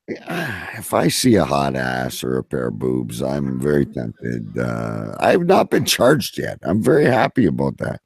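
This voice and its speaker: A low-voiced man with a gravelly, husky edge cuts in to tease his co-hosts. He swings his pitch widely, and his voice sounds dry and close. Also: wildly swooping pitch, takes it slowly, a little mellow, dry recording. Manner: teasing, interjecting. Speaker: co-host. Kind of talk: casual podcast banter.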